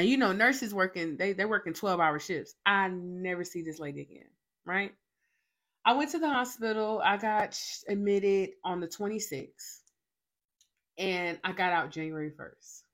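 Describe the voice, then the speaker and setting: A woman's voice: on the low side, unhurried, a bit bright. A young woman hosting a faith show, telling a personal testimony in a dramatic, emphatic way with lots of repetition.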